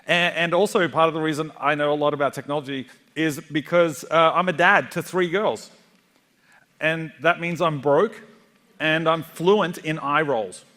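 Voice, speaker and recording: A middle-aged Australian man giving a joking, animated keynote talk to a live audience in a large hall. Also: on the high side, normal speed. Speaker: conference speaker.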